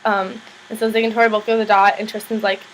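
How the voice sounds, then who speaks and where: A woman's voice: flat delivery, fast talker, slight background noise, rough recording. A young woman vlogger casually recapping a TV episode, chatty and full of "like", acting out the characters' lines as she goes. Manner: chatty, lots of "like", acts out characters' lines in higher voices.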